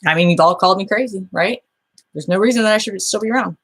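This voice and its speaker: A woman's voice: medium pitch, fast, breathy edge. A woman hosting her own show, recounting a dispute by reading old messages aloud, blunt, aggrieved and swearing freely. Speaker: show host.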